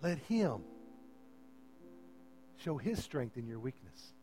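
A man's voice: mid-range voice, big pitch swings, takes it slowly, mellow, a little hiss or hum. A male pastor preaching an impassioned sermon into a handheld microphone in a church, pleading with his listeners. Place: church sanctuary.

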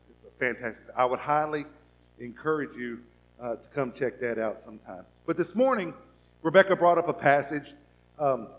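Man, pastor, sermon, slightly high voice, rhetorical questions, loud and soft swings. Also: poor audio. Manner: rhetorical questions, voices people's thoughts, animated swings in loudness.

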